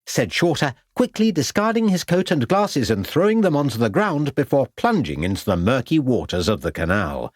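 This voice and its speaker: A man narrating a crime audiobook in a measured storytelling style. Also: mid-range voice, sing-song, no echo, studio quality. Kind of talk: scripted narration.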